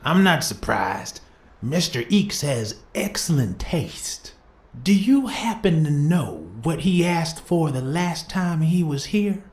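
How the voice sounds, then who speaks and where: Low, calm, probing barber. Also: female voice, slow pace. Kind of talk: video game voice acting. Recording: echoey room.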